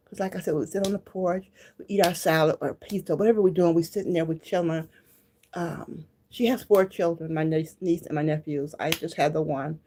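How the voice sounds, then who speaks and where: A woman from Detroit chats casually to her viewers. She speaks in a low, mellow voice and addresses them directly as she reminisces. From Detroit, Michigan. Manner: reminiscing, talks straight to viewers. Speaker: vlogger.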